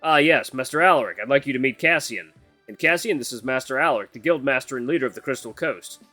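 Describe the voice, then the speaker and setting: A man's voice: mid-range voice, fast, bright, forceful tone, dry recording, soft background music. A man voicing a dutiful, stiffly formal young male knight who speaks politely.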